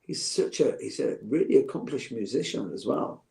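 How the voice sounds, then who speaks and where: A man's voice: medium pitch, expressive, moderate pace, vocal fry, mellow. A middle-aged man, chatting as a podcast guest, joking and heartfelt by turns. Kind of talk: casual chat.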